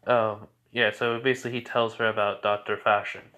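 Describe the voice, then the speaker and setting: A man's voice: fairly low pitch, level tone, fairly quick, sharp tone. A man casually narrating an improvised fan story, rambling with lots of fillers and restarts. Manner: rambling, full of fillers like "well" and "basically".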